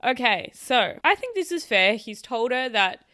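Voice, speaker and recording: A woman's voice: fairly high pitch, sing-song, unhurried, bright, forceful tone, no echo, clean studio sound. A young woman hosting a podcast, reading stories aloud and breaking off into sarcastic, chatty asides. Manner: chatty, sarcastic asides, swears, laughs easily. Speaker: podcast host. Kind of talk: casual reaction chat, reading stories aloud. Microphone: close podcast mic.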